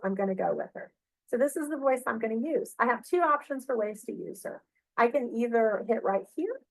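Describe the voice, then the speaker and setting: A middle-aged woman librarian walks through software on a shared screen, chatty and full of fillers and check-ins. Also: on the high side, dry recording, rough recording. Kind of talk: screen-share tutorial walkthrough.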